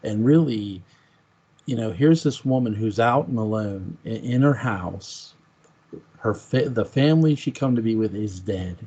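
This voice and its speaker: A man's voice: fairly low pitch, lively intonation, measured pace, warm tone, slightly rough. A man co-hosting a podcast, chatting casually and enthusiastically about a film and quoting its lines. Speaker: podcast co-host. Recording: dull lo-fi sound.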